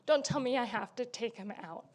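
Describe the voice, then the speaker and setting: A middle-aged mother pleads at a public meeting, her voice high and close to breaking. She talks in an emotional, near-tearful rush, asking for help. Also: fairly quick, darkish tone. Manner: pleading, on the verge of tears. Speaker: parent speaking at public comment.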